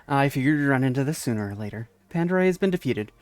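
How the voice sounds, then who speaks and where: A man's voice: medium pitch, animated, fast talker, no echo, lightly acted. A man reading the lines of a laid-back male police captain in a game, in a matter-of-fact, wry way.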